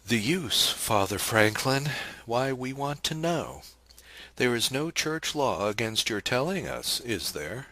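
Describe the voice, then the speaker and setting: A man's voice: mid-range voice, lively intonation, slow, sharp tone, dry recording, pitched above the performer's own voice, full character voice. A man reading aloud as a poised young wife who asks lightly mocking questions and keeps her husband in check. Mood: mock surprise. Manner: light, coolly teasing questions.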